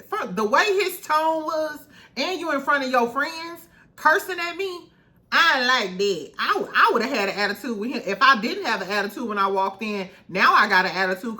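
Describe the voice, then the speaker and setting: A woman's voice: high-pitched, sharp tone. A woman recapping a reality show in casual chat, candid and swearing freely, laughing often.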